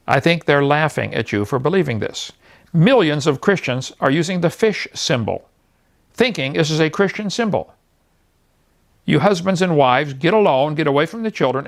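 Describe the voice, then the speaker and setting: Preaching in a scornful, mocking manner, a man in his sixties laughs at the views he targets and acts out the people in his stories, quoting them in voices. The evangelist's voice is fairly high and creaky.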